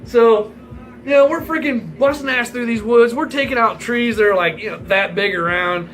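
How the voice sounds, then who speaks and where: A man's voice: very high-pitched, moderate pace, fairly bright tone, poor audio. A man in his forties telling a rambling, profane story in a casual vlog, laughing as he goes. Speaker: vlogger.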